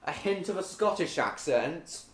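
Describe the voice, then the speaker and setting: A man's voice: fairly high pitch, lively intonation, unhurried, roomy sound. A man chatting casually on a live stream while gaming, answering viewers by name with many hesitant ums.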